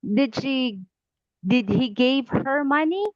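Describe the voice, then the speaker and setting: A woman co-hosting a live chat, asking quiet, short follow-up questions. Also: high voice, slow, no room sound, muffled recording.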